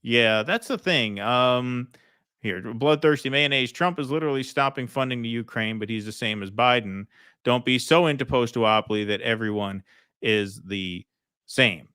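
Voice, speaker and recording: A man's voice: mid-range voice, moderate pace, sharp tone, clear, resonant tone, no echo, studio quality. A man hosting a casual political livestream, reading out viewer comments and thanking donors, chatty with many ums and restarts. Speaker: host reading viewer super chats.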